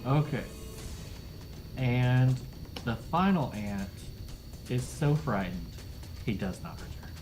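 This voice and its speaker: Slow-narrating game master over music. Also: male voice, medium pitch, expressive, low-quality recording. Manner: deliberate narration with frequent laughter.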